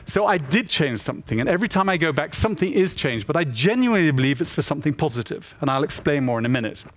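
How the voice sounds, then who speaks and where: A man giving a public talk as a photographer, telling stories in an animated way and acting out the people he quotes. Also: on the high side, quick pace.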